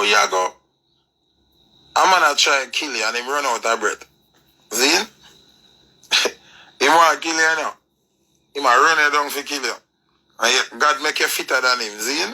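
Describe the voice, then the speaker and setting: A man's voice: medium pitch, bright, forceful tone, rough recording. A man with a Jamaican accent delivering a preachy, emphatic rant full of rhetorical questions. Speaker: commentator. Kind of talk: ranting commentary.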